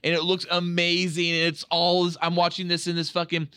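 A man co-hosting a podcast, chatting excitedly about a film with lots of swearing and acted-out quotes. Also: high-pitched, a little fast, smooth, no echo, studio quality. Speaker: podcast co-host. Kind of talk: casual film review chat.

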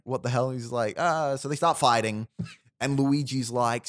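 A man's voice: medium pitch, fairly even intonation, a bit bright, no echo, studio quality. A man casually telling a long story on a podcast, rambling with restarts and laughs. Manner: rambling, restarts, laughs often, quick asides. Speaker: podcast host pitching a film idea.

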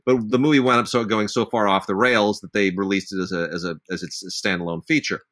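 A middle-aged man with a low voice and a crisp, bright tone. He chats about movies in a casual, knowledgeable way, enthusiastic and quick with names and credits. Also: fairly even intonation. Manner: enthusiastic, knowledgeable, name-dropping. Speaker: podcast co-host. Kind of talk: casual film discussion.

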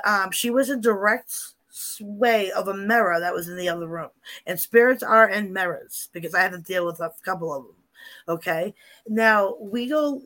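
A woman talks casually about the paranormal, winding through her stories and repeating herself as she builds them up. Her voice sits in the middle of the range. She sounds like an eager storyteller. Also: mid-range voice. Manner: animated, repetitive storyteller.

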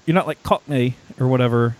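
A man's voice: medium pitch, brisk. A man from Texas with a light Southern US accent, hosting a casual podcast chat, joking around and laughing often. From Texas, USA. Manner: jokey, laughs often, playful asides. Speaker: podcast host.

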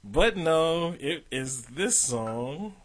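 A man in his forties telling stories in a relaxed casual chat. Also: fairly high pitch, extremely slow. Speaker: podcast co-host.

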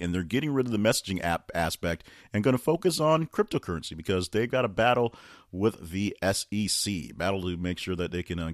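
A man's voice: lowish voice, dry recording, studio quality. A man hosting a weekly news roundup podcast, reading headlines aloud and chatting loosely around them with restarts. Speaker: podcast host.

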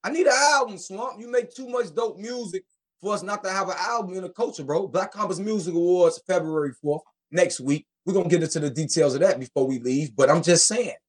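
High-voiced hyped male stream host. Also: brisk, slightly rough. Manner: hyped, excitable, heavy slang. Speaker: show host reacting to rap tracks. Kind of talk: casual live-stream chat.

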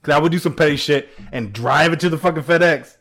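A podcast co-host with a fairly high voice talks fast in casual chat, telling stories animatedly. He acts out quotes, swears, and laughs often.

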